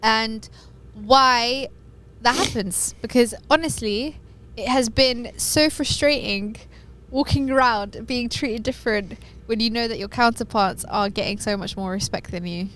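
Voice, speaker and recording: A woman's voice: a little high, unhurried, a bit bright. A woman co-hosting a casual podcast, talking with lots of hesitant fillers. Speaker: podcast co-host. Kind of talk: casual chat.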